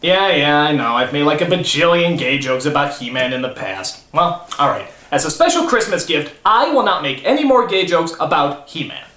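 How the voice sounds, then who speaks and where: A man reviewing films in a sarcastic comedic rant, with explosive shouting outbursts. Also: fairly high pitch, very animated, moderate pace, few pauses, roomy sound. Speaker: comedic film critic.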